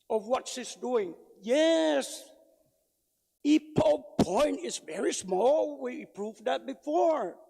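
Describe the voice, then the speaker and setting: A man giving loud, emphatic public testimony at a legislative hearing. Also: extremely high pitch, vocal fry, slightly rough. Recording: reverberant hearing room.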